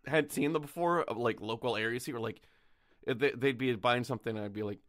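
A man co-hosts a podcast in casual chat, rambling, laughing, and tossing in quick asides. His voice is medium-pitched and a bit bright, recorded dry with clean studio sound.

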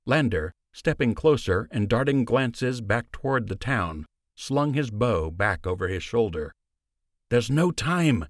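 Guy reading a fantasy audiobook, lowish voice, dry close studio sound. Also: dry recording. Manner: steady, measured storytelling. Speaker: audiobook narrator. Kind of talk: scripted narration.

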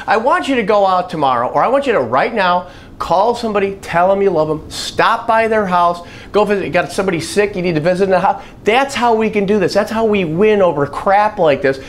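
Blunt, high-voiced male vlogger. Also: lively intonation, a little fast. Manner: blunt, sarcastic, emphatic. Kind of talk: opinionated commentary vlog. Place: Chicago.

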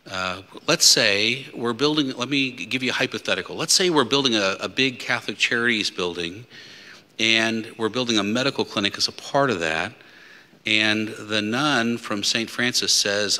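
A man's voice: on the low side, normal speed, pushed and bright. A man preaching as a deacon at a Lenten mission, talking conversationally with asides and hypothetical stories. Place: church. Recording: long church reverb.

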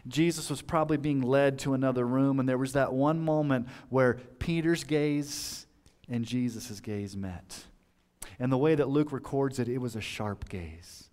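A man preaching a sermon in church, earnest, swinging from loud fervent passages to soft, hushed lines. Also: mid-range voice, unhurried. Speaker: pastor. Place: church sanctuary.

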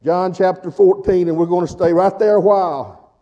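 An older man preaching a fervent sermon in a church, building to shouts and calling for his congregation to answer back. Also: sits high, fairly even intonation, normal speed, in a large hall, highs cut off. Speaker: pastor. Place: church sanctuary.

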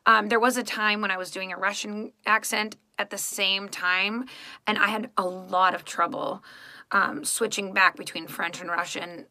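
A woman's voice: mid-range voice, steady tone, moderate pace, sharp tone, dry recording. A woman, an actress and voice actress, telling rambling stories in a casual recorded message to a fan. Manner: chatty, rambling storytelling.

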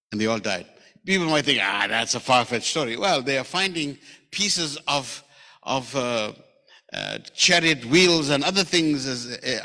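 South African pastor preaching in a reverberant church. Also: male voice, a little high, sharp tone. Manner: storytelling, acting out quoted lines, conversational. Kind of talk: sermon. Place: church sanctuary. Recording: church hall with long reverb.

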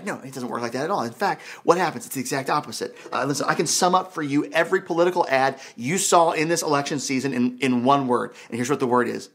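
A pastor preaching a sermon in an animated, conversational way, full of rhetorical questions. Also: male voice, medium pitch, fast, hardly any pauses, breathy edge. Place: church.

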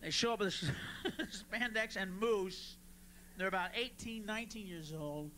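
A man doing a stand-up routine on a club stage, brash and profane, working the crowd and bursting into shouts. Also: high-pitched, unhurried, slight background noise. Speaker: stand-up comedian.

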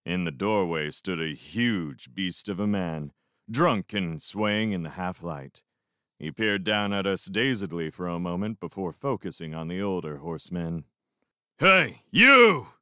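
Casting: deep-ish male fan audiobook narrator, slow and lively, dry close sound. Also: smooth, dry recording. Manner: slow, expressive first-person narration. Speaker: audiobook reader.

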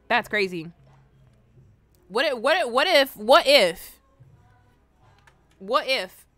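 A young woman streaming, giving casual reaction commentary, laughing often, swearing and breaking into loud excited bursts. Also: a little high, extremely slow, long pauses, no echo.

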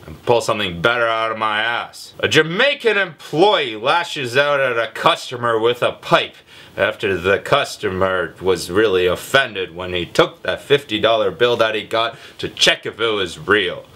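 A man hosting a comedic news vlog, sarcastic and irreverent, with a deliberately lazy, low delivery. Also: lively intonation, pushed and bright. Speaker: vlog host.

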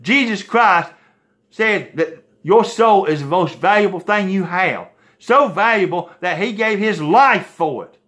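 Guy preaching hard at the camera, keeps going folks listen, bit high pitched. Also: animated, moderate pace, fairly bright tone. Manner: impassioned, emphatic, repeatedly saying "folks, listen". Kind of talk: preaching to a video audience.

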